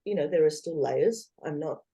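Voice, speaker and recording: A woman's voice: low voice, moderate pace, breathy edge. A woman, a guest in a casual interview, talking animatedly and acting out what others say. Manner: animated, acts out quoted voices, laughs often.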